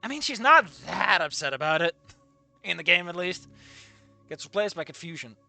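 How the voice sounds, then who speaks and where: A man reading fanfiction aloud and breaking off into comedic asides, swearing freely and quick to laugh at the text. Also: high voice, big pitch swings, gravelly, pushed and bright, faint music behind. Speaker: fanfiction reader and commentator.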